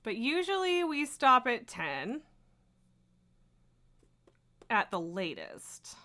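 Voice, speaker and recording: Lively bright-voiced woman streamer. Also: fairly high pitch, slow. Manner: animated, laughing, swears in outbursts. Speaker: streamer reading a book aloud. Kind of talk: casual live-stream reading with chat asides.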